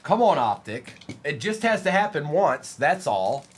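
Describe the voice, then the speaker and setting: Young male card-break streamer, unhurried delivery, lively swings in pitch, faint hiss behind him. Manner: excitable, chatty, calls out player names as he opens packs. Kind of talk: casual live-stream chat.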